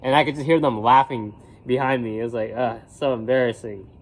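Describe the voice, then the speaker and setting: A young man, a college student, telling a rambling story in a casual vlog, full of slang, swearing and fillers, and acting out his classmates' voices. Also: fast. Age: young adult. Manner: acts out classmates' voices with pitch jumps.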